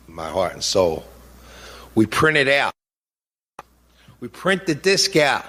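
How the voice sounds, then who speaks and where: A man's voice: fairly low pitch, a bit bright, slightly rough. A middle-aged man giving an impassioned public speech as a grieving father, blunt and emotional, full of rhetorical questions. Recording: long hall reverb.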